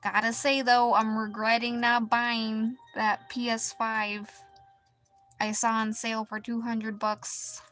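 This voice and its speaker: A woman streaming as an artist, chatting casually while she draws, in a halting, rambling and quietly deflated way. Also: a little high, flat delivery, soft background music. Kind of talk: casual chat while drawing.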